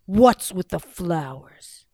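A woman voicing a huge, gruff, man-eating giant who booms slowly and hisses some lines in a loud whisper. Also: expressive, no echo, heavily acted. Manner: booming slow chant with hissed whispery lines.

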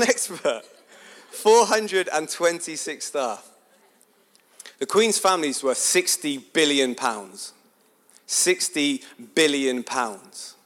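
A lively man gives a sermon-style talk in a casual, chatty way. He keeps asking his listeners questions, and his voice sits a touch high for a man. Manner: animated, chatty, asks the audience questions.

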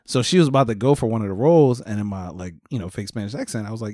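A man's voice: on the low side, fast, mellow, no echo, studio quality. A man co-hosting a casual podcast, telling a work story in a laid-back, profane way. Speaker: podcast co-host. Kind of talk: casual chat.

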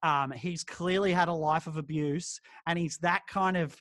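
A man's voice: fairly high pitch, fairly even intonation, moderate pace, fairly bright tone, no room sound, clean studio sound. A man co-hosting a podcast, casually discussing a film and enthusiastically retelling scenes. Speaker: podcast co-host.

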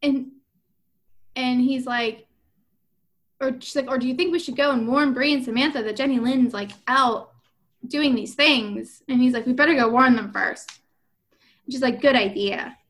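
With a high voice, moderate pace and long pauses, a woman chats casually as a podcast co-host recounting a book. She animatedly voices the characters' quoted lines and uses "like" a lot as filler.

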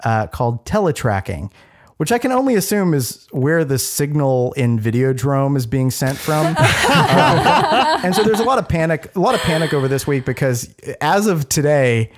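A man's voice: fairly high pitch, sing-song, normal speed. A man co-hosting a casual talk podcast, explaining a news story with frequent fillers, restarts and wry asides. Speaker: podcast co-host. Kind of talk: casual chat.

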